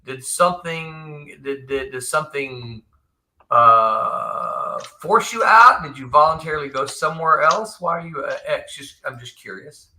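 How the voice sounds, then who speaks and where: A man hosting a casual live-stream chat, an animated storyteller who laughs often and restarts his sentences. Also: on the high side, measured pace. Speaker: host, former comics editor.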